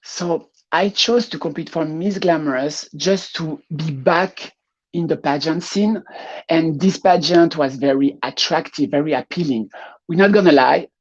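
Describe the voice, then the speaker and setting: A woman with a French accent, a pageant showgirl talking as a guest in a casual interview, laughing often and pausing to find her words. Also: sits low, husky, lo-fi sound.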